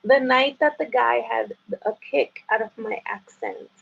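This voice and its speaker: A woman who grew up speaking chats playfully as a guest, quick to laugh. Her voice is raspy with gravel at the edges and sits a touch high. It comes through a dull, muffled call line. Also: fairly even intonation. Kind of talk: casual flirty chat.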